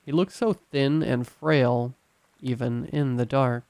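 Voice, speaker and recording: A man narrating a scripted horror story in a measured, tense storytelling manner. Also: mid-range voice, fairly even intonation, gravelly, a little mellow, no room sound.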